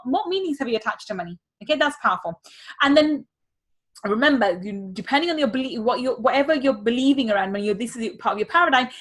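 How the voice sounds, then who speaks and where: High-voiced woman coaching on money. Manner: energetic, repeats key phrases, acts out little voices. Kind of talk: teaching a workshop.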